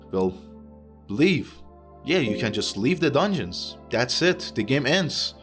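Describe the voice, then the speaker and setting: A young man walks through a video game in casual, rambling commentary, his pitch jumping around a lot. He is sardonic and throws in jokey asides, with faint music under him.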